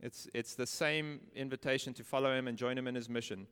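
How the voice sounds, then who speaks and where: A man's voice: mid-range voice, fairly even intonation, brisk, a bit bright, clean tone. A man preaching a sermon with emphasis, posing rhetorical questions and repeating key phrases. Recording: long reverb of a large hall.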